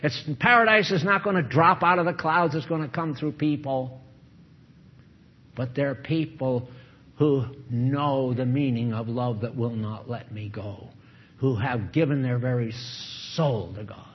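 Through a dull lo-fi recording, an older pastor's medium-pitched, slightly rough voice moves a little slowly. His sermon leans on rhetorical questions and lines repeated for emphasis.

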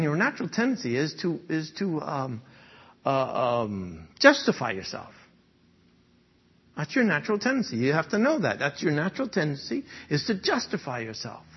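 With a fairly high, husky voice and the high frequencies cut off, this pastor delivers his sermon like a conversation. He frequently chuckles as he talks and keeps asking "okay?" and "right?".

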